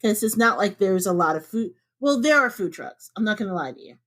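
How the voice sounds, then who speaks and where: A chatty woman co-hosting a podcast from home, with a voice of middle pitch. She talks in a loose, easygoing way and breaks into laughter often, her voice jumping up high when something amuses her. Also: expressive, brisk, fairly bright tone. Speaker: podcast co-host. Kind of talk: casual podcast chat.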